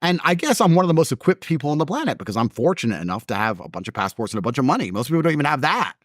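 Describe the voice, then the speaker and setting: Racing through his stories, an interview host talks casually but bluntly and combatively, with lots of animation. His voice is a little high, and the studio-quality recording has no room sound.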